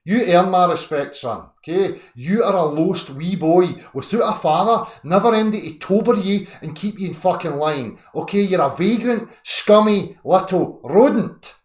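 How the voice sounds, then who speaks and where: Ranting high-voiced Scottish man. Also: expressive, normal speed, few pauses, roomy sound. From Scotland. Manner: aggressive, profane, ranting insults. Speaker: host of an online video hangout. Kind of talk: heated online argument.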